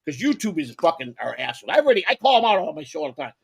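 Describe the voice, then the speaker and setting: A man in casual podcast chat, loud, profane and quick to blow up in anger. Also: fairly high pitch, very animated, gravelly, husky. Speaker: podcast guest.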